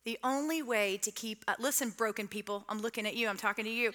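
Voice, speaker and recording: A middle-aged woman delivers a sermon. Her voice is bright and forward, and she keeps it conversational, teasing her listeners and putting questions to them. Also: a little high, quick pace, few pauses. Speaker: women's speaker.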